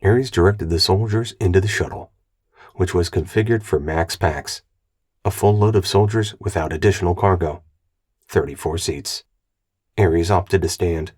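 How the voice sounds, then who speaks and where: A man reading an audiobook aloud in an even, measured narration. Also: low-pitched, slightly rough. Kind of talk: scripted narration.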